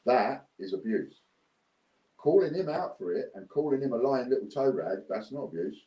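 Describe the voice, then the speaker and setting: A man's voice: medium pitch, lively intonation, moderate pace, roomy sound, lo-fi sound. A man ranting to camera, blunt, indignant and repetitive. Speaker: business owner vlogger.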